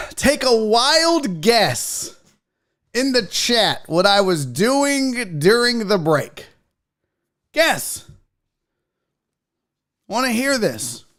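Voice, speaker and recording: A man's voice: high-pitched, very animated, drawn-out words, long pauses, fairly bright tone. A man hosting a live sports talk show, chatting loosely with viewers in a rambling, profane way. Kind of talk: casual live-stream chat.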